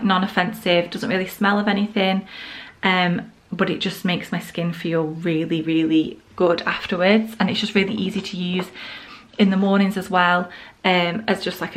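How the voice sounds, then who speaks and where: A young woman chatting casually in a vlog, a bit out of breath and rambling with many fillers. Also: on the low side. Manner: rambling, full of fillers and restarts. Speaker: vlogger. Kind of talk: casual skincare vlog chat.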